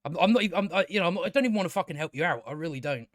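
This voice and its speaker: A man's voice: high-pitched, expressive, very fast, dry recording, studio quality. Exasperated man ranting a review. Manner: ranting, exasperated, stumbling restarts and swearing. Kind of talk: casual spoken review.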